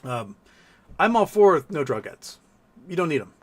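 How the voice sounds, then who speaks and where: A man's voice: a little high, very animated, measured pace. A man hosting a casual live stream, reading viewer messages aloud and answering them in a blunt, profane, mocking way.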